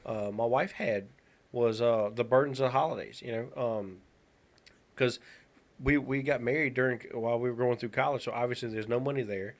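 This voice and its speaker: A man's voice: mid-range voice, moderate pace. A man in his thirties, a podcast co-host, chatting casually and telling a long story with many restarts. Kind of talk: casual chat.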